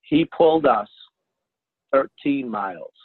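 A man, a fishing charter captain, telling a story in a casual interview, animated and loud at the high points. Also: slow, husky, dry recording. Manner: animated, jumps to loud exclaims when retelling. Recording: dry tinny phone line.

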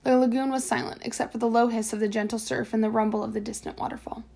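Gravelly-voiced woman reading a novel. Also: fairly high pitch, quick pace. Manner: expressive storytelling. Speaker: audiobook narrator.

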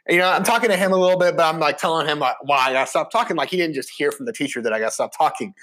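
A man in his twenties telling a casual personal story, chatty and animated with many fillers and restarts. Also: a little high, very fast, few pauses. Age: 20s.

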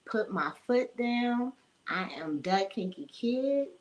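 A woman's voice: on the high side, animated, slow pace. A woman in her forties hosting a casual live-streamed podcast, chatting freely, greeting viewers by name and laughing often. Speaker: podcast host.

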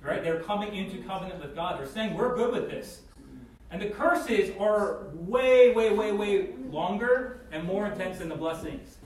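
A man's voice: high-pitched, moderate pace, hardly any pauses. A man giving a casual Bible teaching, talking conversationally with many "like" and "right?" asides. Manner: acts out voices in quotes. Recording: very echoey room, distant mic, faint noise.

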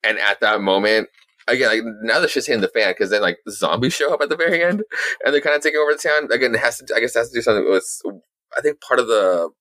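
A man's voice: mid-range voice, expressive, fast, pushed and bright, no room sound. A young man co-hosting a podcast, rambling through a casual comic book chat with lots of fillers, restarts and swearing. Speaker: podcast co-host.

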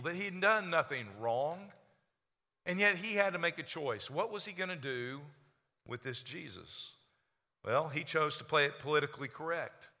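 A man's voice: a little high, sharp tone. A man preaching a sermon as pastor, acting out the people he quotes. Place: church sanctuary. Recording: reverberant church hall.

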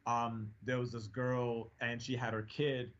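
A man's voice: medium pitch, measured pace. A man in casual chat, telling a train story and acting out the people in it with raised voices. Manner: animated, acts out quotes in raised voices. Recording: dull lo-fi sound.

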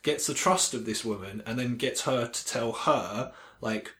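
A man's voice: medium pitch, unhurried, fairly bright tone. A man co-hosting a casual film-discussion podcast, chatting in a dry, wry way. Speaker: podcast co-host.

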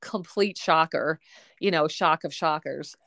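A woman hosting a casual podcast chat, animated and laughing, acting out quotes as she talks. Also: low voice, a little slow, no echo, studio quality. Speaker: podcast host.

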